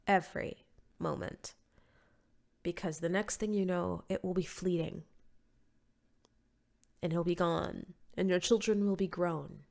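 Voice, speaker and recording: A woman's voice: fairly low pitch, vocal fry, a little mellow. A woman in her thirties hosting a solo podcast, sounding nasal from allergies, blunt and sarcastic with casual swearing. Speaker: podcast host.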